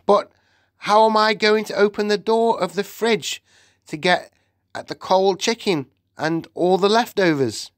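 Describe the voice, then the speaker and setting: A man voicing a loud-mouthed, greedy boy who has been turned into a mouse, blustering and shouting in an audiobook. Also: sits high, unhurried, no echo, studio quality, pitched above the performer's own voice. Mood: perking up.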